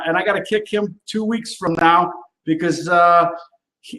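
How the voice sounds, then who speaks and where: A man with a high, fairly bright voice hosts a cooking show, chatting casually on camera in a space with roomy echo. His talk rambles upbeat, full of fillers and side comments.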